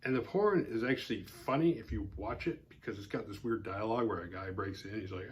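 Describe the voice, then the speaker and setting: A man's voice: fairly low pitch, fairly quick, hardly any pauses, dull audio. A man hosting a horror film podcast, casually retelling a movie's plot in a loose, rambling way with lots of "like" fillers and a wry aside now and then. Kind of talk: casual spoken film recap.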